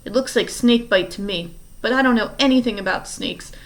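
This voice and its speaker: A woman reading aloud, voicing a scheming man in disguise who speaks in a smooth, falsely polite way. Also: medium pitch, a little fast, close to an everyday voice, rough recording. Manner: smooth and oily, then menacing.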